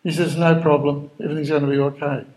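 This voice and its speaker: A man's voice: a little high, flat delivery, quick pace, a little mellow, poor audio. A man preaching a sermon in a conversational, storytelling way, acting out the dialogue of the people he describes. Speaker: pastor.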